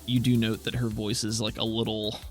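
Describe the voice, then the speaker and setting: A man's voice: lowish voice, flat delivery. Male game master, playful narration, casual banter, music bed. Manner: playful, descriptive, quick banter.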